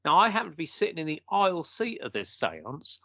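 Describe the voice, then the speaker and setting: A man, a guest in a conversation, telling a long story and acting out what people said. His voice sits a little high and sounds bright, with wide swings in pitch. The sound is close and dry. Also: a little fast, dry recording. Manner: animated storyteller acting out quotes. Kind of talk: casual anecdote in conversation.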